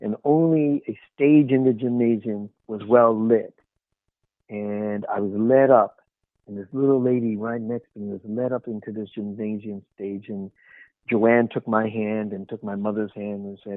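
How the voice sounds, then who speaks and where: Low-voiced man guest telling an emotional story, heard through a thin, phone-like, dry line. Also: steady tone, a little slow, no room sound. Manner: earnest, emotional, soft dips in quiet moments. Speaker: guest, author. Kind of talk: storytelling in an interview.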